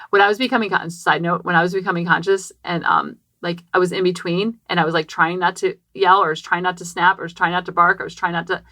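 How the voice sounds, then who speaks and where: Thirtysomething mom telling a story on her podcast, bright punchy voice, lowish, super dry closet sound, says like a lot. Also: fast talker, few pauses, dry recording. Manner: chatty and animated, acting out quotes, many "like" fillers. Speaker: parenting podcast host. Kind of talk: personal storytelling. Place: small closet. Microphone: podcast microphone.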